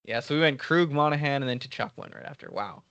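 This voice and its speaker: A man co-hosting a casual fantasy sports podcast, reacting quickly in an easygoing way with short laughs. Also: medium pitch, a bit bright, smooth, no echo, muffled recording. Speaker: podcast co-host. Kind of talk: casual fantasy draft chat.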